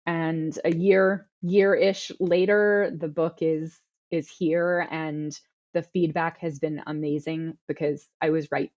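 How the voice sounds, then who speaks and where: A woman's voice: low-pitched, fairly even intonation, slow pace, a little mellow. Earnest woman on a dull line. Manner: earnest, self-correcting with repeated words and fillers. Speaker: guest author. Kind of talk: conversational interview answers.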